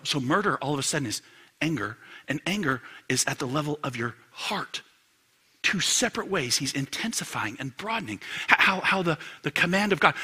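A man preaching with a lively, far-ranging delivery and a brilliantly bright tone. His voice has a husky edge, and he pushes from booming emphasis down to near-whispered asides, peppering the sermon with rhetorical questions. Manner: animated, rhetorical questions, swings from loud to hushed. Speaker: pastor.

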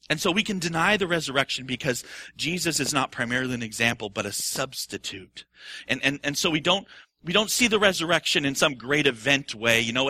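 A middle-aged man preaching a sermon as pastor, full of rhetorical questions and acted-out quotes, swinging from quiet musing to shouted excitement. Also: medium pitch, breathy edge, no room sound.

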